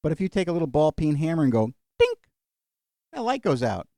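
A middle-aged male pastor preaching a sermon and closing in prayer, folksy and animated, acting out little quotes and jokes. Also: fairly high pitch, very fast, no echo, clean studio sound.

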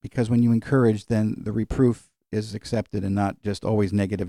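A man's voice: lowish voice, little pitch movement, a little fast, mellow, dry recording, studio quality. A middle-aged man leading an informal Bible study, talking in a conversational, digressive way with fillers and chuckles. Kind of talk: informal Bible teaching with personal stories.

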